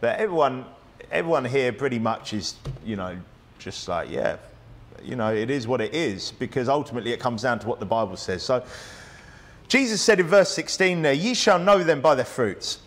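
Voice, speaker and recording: A man's voice: medium pitch, animated, normal speed, fairly bright tone. A man preaching a sermon, conversational and emphatic, often asking his listeners rhetorical questions.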